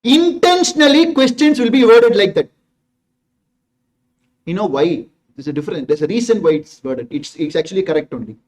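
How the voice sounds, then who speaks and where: A man's voice: high-pitched, big pitch swings, moderate pace, darkish tone. A man with a Tamil Indian English accent teaching an exam revision class, emphatic and repetitive, firing rhetorical questions at the class.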